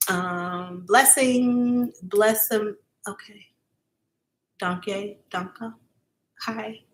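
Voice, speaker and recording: A woman's voice: lowish voice, slow, a bit bright. A woman giving a live-streamed psychic reading to her viewers. She talks casually and emphatically, keeps checking in with "okay?", and is earnest and openly emotional. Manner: emotional, earnest, at times near tears. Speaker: psychic reader.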